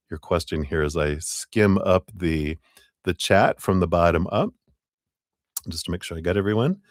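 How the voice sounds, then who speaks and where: A man's voice: deep voice, no echo, studio quality. A man hosting a live tarot stream, chatting casually with viewers, laughing often and sounding giddy.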